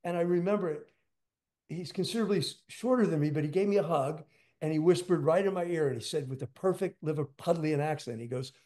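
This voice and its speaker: An older man, a drummer, telling stories as an interview guest in a rambling, animated way with lots of fillers. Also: a little high, fast. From United States. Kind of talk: storytelling interview.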